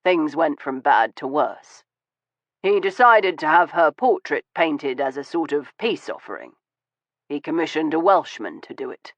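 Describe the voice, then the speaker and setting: A man voicing a wounded, weary Victorian gentleman who speaks in a low, measured and bitter way in an audiobook. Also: animated, dry recording. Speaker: audiobook voice of a male character. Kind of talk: audiobook dialogue reading. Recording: dull, dry studio audio.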